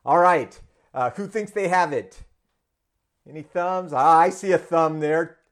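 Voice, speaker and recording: A man's voice: on the high side, a little slow. A man preaching a sermon run as a quiz game for an online congregation, conversational with frequent fillers and restarts. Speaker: pastor. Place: church congregation in Vancouver.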